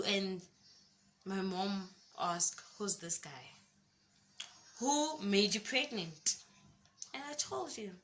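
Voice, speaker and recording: A young woman with a South African accent, telling a personal story to her vlog viewers in an expressive way and calling them guys. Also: medium pitch. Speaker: YouTuber.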